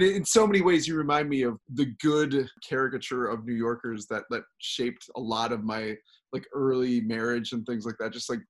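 A man's voice: mid-range voice, fairly bright tone. A man hosting a casual podcast chat, rambling and friendly with many fillers. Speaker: podcast host.

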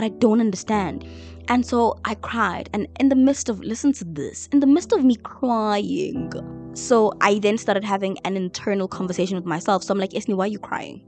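A woman sharing a personal faith testimony in a chatty, emotional way, with a lot of "like". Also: medium pitch. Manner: emotional, chatty, heavy use of "like". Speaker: vlogger.

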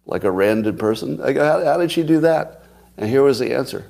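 Fairly low in pitch with a darkish tone, this American podcast host in his sixties laughs and chats his way through stories on a relaxed livestream for viewers.

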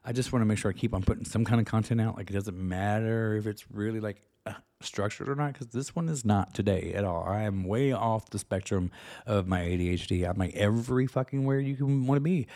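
A man hosting a solo podcast, ranting with lots of swearing and sudden high-pitched squeals. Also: brisk, dark tone. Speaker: podcast host.

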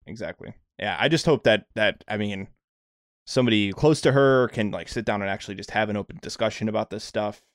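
Podcast co-host, mid pitch, casual and hedging, dry close mic. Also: a little fast, dry recording.

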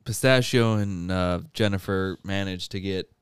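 Low-voiced guy retelling a movie plot, chuckling a lot, dry close sound. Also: measured pace, smooth, no echo. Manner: laughs often while retelling. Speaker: podcast host. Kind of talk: casual movie recap.

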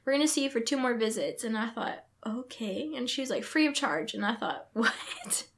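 On a podcast, a pregnant young woman earnestly recounts a moving personal faith journey, voicing her own thoughts and other people's lines along the way. She speaks briskly in a voice on the higher side.

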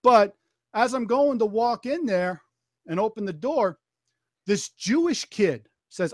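A man's voice: sits high, animated, slow, a little mellow, dry recording, studio quality. An American man telling a story on a podcast, acting out the dialogue as he retells it, with frequent restarts and repeated phrases.

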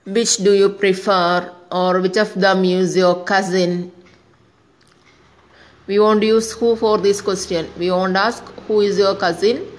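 A woman's voice: medium pitch, steady tone, takes it slowly, rough recording. A woman teaching an English grammar lesson, spelling out words letter by letter and working through example sentences.

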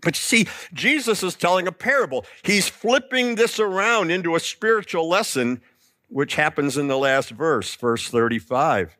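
A man preaching a sermon with a voice that swoops up and down as he tells the story. His pitch sits a little high for a man, and the sound is close and dry. He acts out the quoted lines with lively emphasis. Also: normal speed, no echo. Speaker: pastor.

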